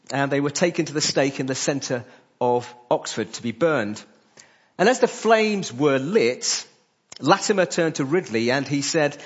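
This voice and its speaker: A man preaching a sermon, pausing often with "uh" between phrases. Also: fairly high pitch, breathy edge, dull audio. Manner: frequent "uh" fillers between phrases.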